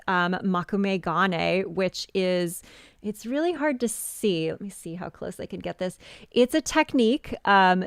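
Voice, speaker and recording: A woman's voice: medium pitch, clear, resonant tone, dry recording, studio quality. A woman hosting a live stream, chatting casually about her handmade jewelry with many fillers and restarts. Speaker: jewelry designer hosting a live sales show.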